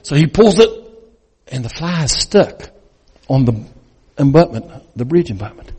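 Husky preacher telling a dramatic story. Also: male voice, medium pitch, sing-song, normal speed. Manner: dramatic, swinging between loud and hushed. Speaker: guest preacher. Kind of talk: sermon storytelling. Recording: long reverb in a large hall.

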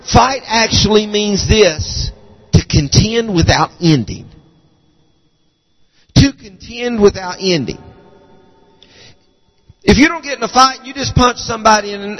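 High-voiced preacher in a reverberant hall. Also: male voice, a bit bright. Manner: fervent preaching, frequent restarts and repeated words. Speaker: pastor. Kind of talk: sermon. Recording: long reverb of a large hall.

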